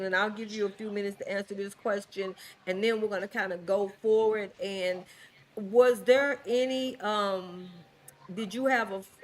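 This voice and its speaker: A woman's voice: medium pitch, a little hiss or hum. A woman hosting a livestream panel over a video call, speaking with frequent hesitations and restarts. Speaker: host.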